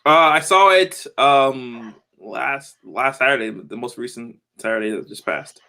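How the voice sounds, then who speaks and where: A man co-hosting a podcast in casual chat, easygoing and quick to laugh. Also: medium pitch, sharp tone. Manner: easygoing, laughs often between remarks. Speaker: podcast co-host.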